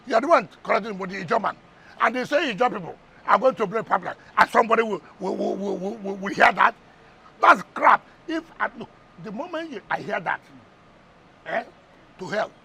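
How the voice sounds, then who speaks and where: A man's voice: high voice, creaky, bright, forceful tone, a little hiss or hum. A man with a Nigerian English accent, a politician guest on a heated TV interview, firing rhetorical questions and repeating words for emphasis.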